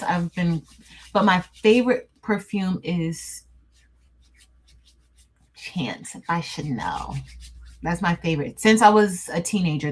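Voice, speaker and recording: A woman's voice: fairly low pitch, low-quality recording. A woman hosting a casual livestream, chatting with her viewers, calling them "y'all" and laughing often. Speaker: livestream host.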